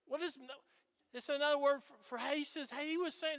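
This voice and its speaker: Male priest, high bright voice, animated and chatty homily, echoey church. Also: normal speed, pauses often. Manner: animated, conversational preaching with asides. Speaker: Catholic priest.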